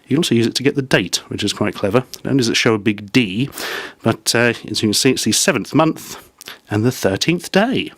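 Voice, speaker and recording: A man chats through a casual gadget review, peppering it with dry, self-mocking jokes. His voice sits at an ordinary middle pitch and is recorded with a dry, close sound. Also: lively intonation, a little fast, fairly bright tone, no room sound.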